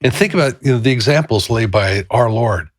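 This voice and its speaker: A man co-hosting a faith-based podcast about fatherhood, telling stories in a casual, animated way. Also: mid-range voice, brisk, no echo, studio quality. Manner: animated storyteller, acts out quotes loudly. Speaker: podcast co-host. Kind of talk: casual chat with storytelling.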